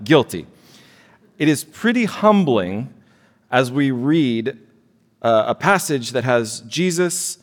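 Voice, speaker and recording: A man in his thirties preaching a sermon in church, conversational and self-deprecating, with frequent "right?" asides. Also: mid-range voice. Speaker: pastor. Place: church sanctuary. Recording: long hall reverb.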